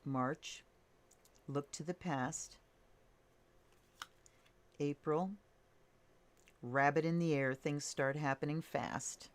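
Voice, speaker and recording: Slow, low-voiced woman reading tarot. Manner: relaxed, thinking aloud with fillers and soft laughs. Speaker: tarot reader. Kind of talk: casual tarot reading to camera.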